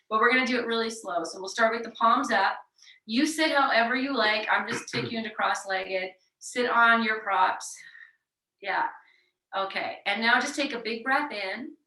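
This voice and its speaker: Bright-voiced woman guiding a yoga class. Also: a little high. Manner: gentle, encouraging cues with audible breathing demonstrations. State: sweating from exertion. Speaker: yoga teacher. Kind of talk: guided yoga class instruction. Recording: roomy echo, voice heard from a distance.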